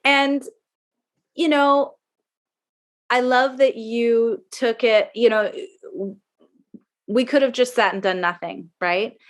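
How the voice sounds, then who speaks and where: A woman's voice: on the high side, fairly even intonation, slow pace, long pauses. A middle-aged woman performer chatting as a podcast guest, rambling with plenty of fillers. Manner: rambling, lots of fillers, warm praise. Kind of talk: casual chat.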